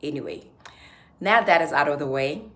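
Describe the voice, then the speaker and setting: A woman's voice: low-pitched, animated, moderate pace, fairly bright tone. A young adult woman telling a story in a chatty, emotional way to her vlog audience. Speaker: vlogger.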